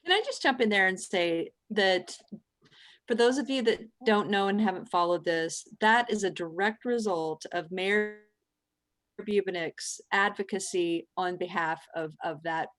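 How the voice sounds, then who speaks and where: A woman's voice: mid-range voice, measured pace, a bit bright, dry recording. A woman speaking as a city councilor at a council meeting, earnest and emphatic, repeating her points.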